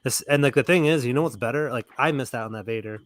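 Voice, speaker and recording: A man's voice: mid-range voice, fast. A man joining a casual stream on a video call, laid-back and fond of saying "dude.". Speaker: stream guest. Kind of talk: casual chat.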